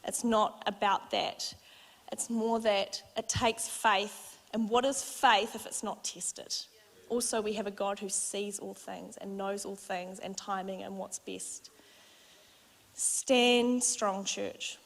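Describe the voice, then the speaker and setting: A woman's voice: mid-range voice, takes it slowly, vocal fry. A young woman gives a sermon in a church, telling her own story in a heartfelt, conversational way. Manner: heartfelt, conversational storytelling with lively re-enacted exchanges. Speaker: church speaker. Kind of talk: sermon with personal testimony. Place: church auditorium. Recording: church hall reverb.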